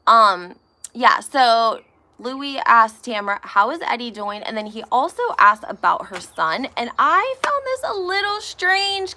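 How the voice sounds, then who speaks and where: A woman's voice: fairly high pitch, bright, forceful tone. A woman chatting casually on a live stream about reality TV, often checking in with her viewers by asking "okay?" and "right?". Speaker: celebrity gossip vlogger.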